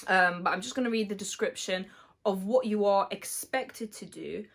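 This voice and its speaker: Woman, electrician, casual vlog, slightly hoarse, filler-heavy explaining, mid-pitched. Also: normal speed. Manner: chatty, many fillers, explains step by step.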